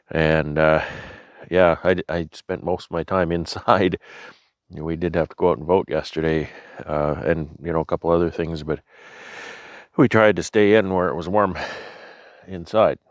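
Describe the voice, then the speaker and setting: Easygoing and rambling, a Canadian man hosts a beekeeping vlog, filling his casual show-and-tell narration with restarts and fillers. His voice sits low, and the recording is dry with studio quality.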